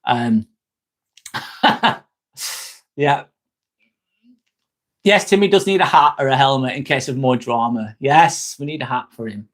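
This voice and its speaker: A man's voice: mid-range voice, unhurried, long pauses, fairly bright tone. A man hosting a casual live stream, joking, laughing often and answering chat comments.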